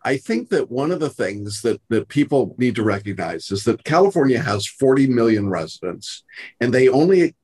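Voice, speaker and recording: A man interviewing a guest, asking questions in a supportive, measured way. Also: medium pitch, big pitch swings, darkish tone, slightly rough.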